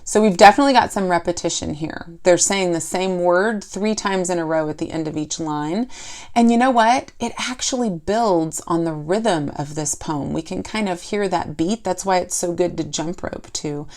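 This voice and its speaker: Patient teacher woman, lowish voice. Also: moderate pace, darkish tone. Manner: patient, explains step by step and asks the class questions. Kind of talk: classroom lesson for children.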